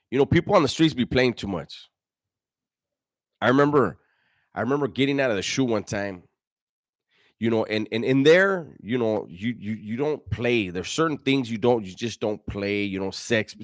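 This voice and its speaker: Middle-aged male streamer, low-ish voice, profane slangy storyteller, dry close recording. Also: no room sound. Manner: profane, slang-heavy storytelling, frequent restarts. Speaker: livestream host. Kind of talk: casual livestream chat reading viewer donations and comments.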